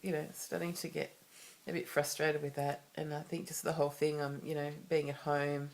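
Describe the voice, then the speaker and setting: An Australian woman speaks into the camera in a low voice, sharing personal matters in a confessional vlog. She rambles candidly and often restarts her sentences, circling back with asides as she goes. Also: little pitch movement, moderate pace, creaky, a little mellow. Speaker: vlogger.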